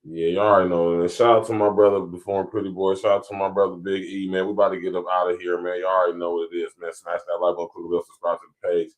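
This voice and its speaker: A man's voice: sits low, little pitch movement, quick pace, few pauses. A man hosting a podcast, signing off in laid-back casual chat with loose, repetitive phrasing. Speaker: podcast host.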